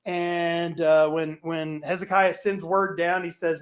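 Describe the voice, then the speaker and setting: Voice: mid-range voice, flat delivery, slow, few pauses, a little hiss or hum. Chatty church Bible reading teacher. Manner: chatty, laughs often, asks "right?". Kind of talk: casual scripture reading and commentary.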